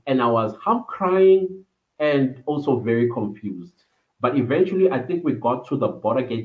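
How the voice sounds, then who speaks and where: A man from Africa, hosting a livestream and telling a personal story in a reminiscing, meandering way with many fillers. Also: medium pitch. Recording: echoey room over a tinny phone-like line.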